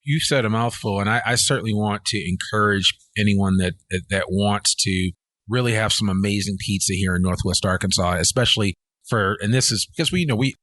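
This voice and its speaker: A middle-aged man with a Boston accent, hosting a casual podcast interview, warmly affirming his guest and restarting his sentences. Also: fairly low pitch, fairly quick, dry recording. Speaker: podcast host.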